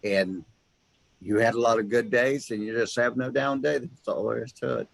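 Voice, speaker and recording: A man hosting an interview, chatting casually and telling stories with lively restarts and asides. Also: mid-range voice, normal speed, vocal fry, dry recording, poor audio. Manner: animated storyteller, self-interrupting restarts. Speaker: host.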